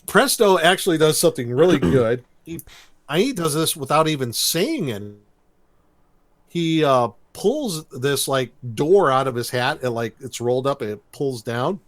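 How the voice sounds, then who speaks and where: A man co-hosting a podcast, recapping a cartoon episode in rambling, animated casual chat. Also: fairly high pitch, unhurried, no echo. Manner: rambling, animated storytelling with laughs. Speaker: podcast co-host.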